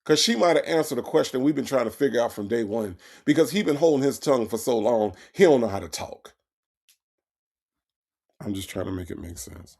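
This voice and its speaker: A man riffs sarcastically on a true-crime story. His voice is gravelly, with a mid-range pitch. He curses freely and hammers the same line over and over. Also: lively intonation, fairly quick, a little mellow. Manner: sarcastic, profane, repeats his points. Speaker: podcast host. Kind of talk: true-crime comedy commentary.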